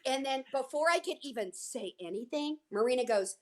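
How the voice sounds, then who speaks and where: Older lady guest, high pitched, chatty, acts out quotes as she talks. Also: animated, fast talker, hardly any pauses. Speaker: guest, former featured extra. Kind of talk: casual storytelling interview.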